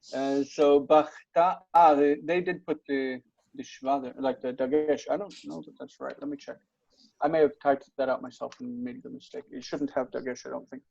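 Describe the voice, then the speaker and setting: A man's voice: medium pitch, steady tone, normal speed, vocal fry, a little mellow, lo-fi sound. Patient man teaching over a call. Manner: patient, checks understanding often with "okay". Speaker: Biblical Hebrew teacher. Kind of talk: online tutoring session.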